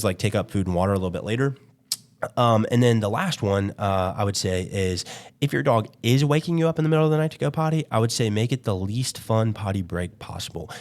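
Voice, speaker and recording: A young man, a dog trainer hosting a podcast, giving casual advice in a rambling, conversational way full of fillers. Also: fairly low pitch.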